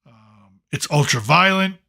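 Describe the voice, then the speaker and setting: Man, late-night host, sarcastic ranting, blunt, slightly high voice. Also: lively intonation, measured pace, vocal fry, pushed and bright. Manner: sarcastic, blunt, profane, rambling. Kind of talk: casual ranting commentary.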